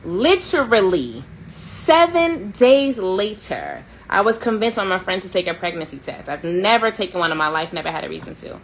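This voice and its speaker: A woman in her thirties, from a Haitian family, hosting a casual storytelling chat in a candid, sarcastic and animated way, swearing and laughing often. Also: medium pitch, normal speed, hardly any pauses, a little hiss or hum, low-quality recording. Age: 30s. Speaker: host.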